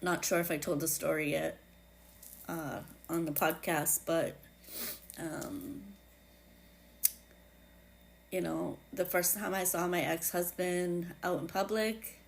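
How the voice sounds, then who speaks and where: Woman, New England accent, podcast host, slow and unhurried delivery, lowish voice, halting with fillers. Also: fairly even intonation, vocal fry. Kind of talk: casual personal reflection.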